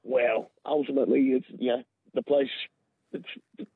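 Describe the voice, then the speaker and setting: A man's voice: medium pitch, fairly even intonation, moderate pace, vocal fry, slightly rough, no room sound. An easygoing Australian man calling in to a radio show and chatting about his seaside town. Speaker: caller. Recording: tinny phone line.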